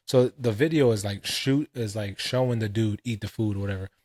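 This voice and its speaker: A man co-hosting a casual podcast, telling stories in animated, profane slang. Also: on the low side, fast talker, few pauses. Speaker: podcast co-host. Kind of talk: casual chat.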